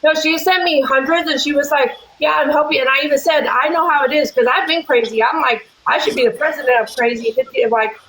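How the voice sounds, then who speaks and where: A woman in casual chat who talks fast and rambles, blunt and profane. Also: high-pitched, fairly bright tone, reverberant, a little hiss or hum, poor audio. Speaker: livestream guest.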